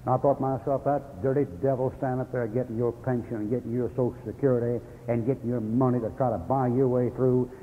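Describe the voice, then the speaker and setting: Speaking fast with hardly a pause, the older Baptist preacher keeps a steady tone at medium pitch through his folksy sermon. He tells stories, chuckles, and bursts into angry tirades, heard over a tinny, phone-like old radio recording from a hall with slight background noise.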